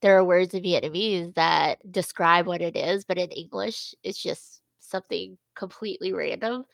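A woman with a country Missouri accent, co-hosting a casual chat and telling stories in an animated way. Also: fairly low pitch, moderate pace, gravelly, dry recording. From southern Missouri, United States. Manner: chatty, animated storytelling. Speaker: podcast co-host.

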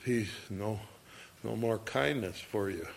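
Slow, emphatic preacher man. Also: fairly low pitch, gravelly, slight background noise. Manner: slow, emphatic, acts out quoted voices. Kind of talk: sermon.

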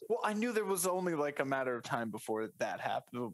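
A man riffing through an improvised comedy podcast bit, keeping a deadpan tone while he stacks up wordplay. His voice sits at an ordinary pitch. The recording is dry and close, with no room sound. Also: fairly quick, dry recording. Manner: spins absurd running bits with deadpan wordplay.

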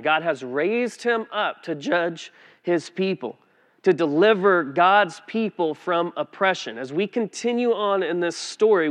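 A man preaching a sermon as pastor, telling a personal story in a conversational, animated way with frequent restarts. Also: fairly high pitch.

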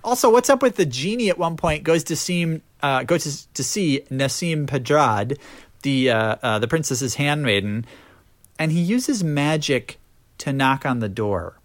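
A man's voice: on the high side, a little slow. A young man hosting a podcast, joking casually through a movie review with lots of fillers. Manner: animated, joking rants with fillers. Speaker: podcast host.

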